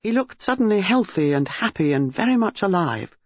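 A man narrating an audiobook in a measured, expressive way. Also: sits high, no room sound. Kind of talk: scripted narration. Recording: dry slightly dull studio sound.

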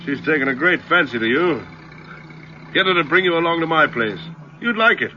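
A man's voice: on the high side, expressive, a little fast, a little hiss or hum, close to an everyday voice. An actor playing a jovial, pushy man in a radio drama, who keeps tacking "eh?" onto his lines. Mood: hearty, coaxing. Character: hearty middle-aged man, pushy and suggestive. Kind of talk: 1970s radio drama acting. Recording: dull lo-fi radio recording.

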